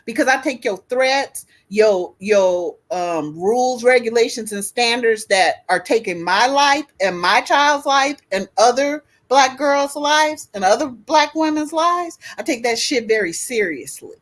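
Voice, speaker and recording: A woman's voice: fairly high pitch, animated, measured pace, few pauses. A woman in her fifties co-hosting a casual discussion, talking bluntly and profanely with a fired-up edge. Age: 50s. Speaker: podcast co-host.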